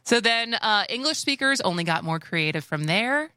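A woman co-hosting a radio talk show with a Wisconsin accent, chatty and quick to laugh. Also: mid-range voice, expressive, sharp tone, dry recording, studio quality. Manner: chatty, laughs easily, restarts often. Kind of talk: casual radio chat. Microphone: studio microphone.

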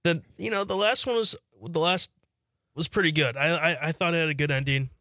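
A man's voice: fairly high pitch, fairly quick, sharp tone. A man co-hosts a casual radio talk show, answering in a laid-back way with short remarks and dry humor. He sits close to the mic, so the sound is dry, with no room echo. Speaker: radio co-host. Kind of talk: casual on-air chat.

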